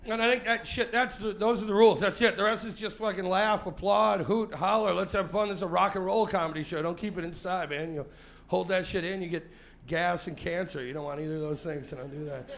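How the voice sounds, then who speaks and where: High-voiced, foul-mouthed stand-up comedian. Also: male voice, fairly even intonation, brisk, vocal fry, a bit bright. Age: 40s. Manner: profane and confrontational, teasing the crowd. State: sweating. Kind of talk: live stand-up comedy set. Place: comedy club stage.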